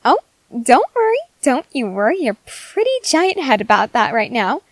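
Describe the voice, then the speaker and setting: For an ASMR role-play, a woman voices an eccentric, excitable female scientist with a sinister edge, gushing and coaxing in a cheerfully unsettling manner. Her voice is a little high and her speed normal. The recording is dry and low in quality.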